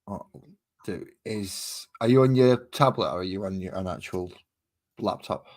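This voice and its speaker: A man's voice: deep voice, normal speed, darkish tone. A man hosting a painting stream, chatting casually with easygoing dry asides as he works. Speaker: host of a miniature-painting stream. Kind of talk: casual chat while painting.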